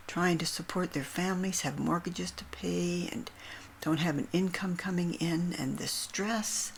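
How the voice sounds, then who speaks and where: An older woman, a grandmother, telling a personal story in an earnest, soft voice that often sinks to a breathy near-whisper. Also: on the low side, slight background noise. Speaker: vlogger.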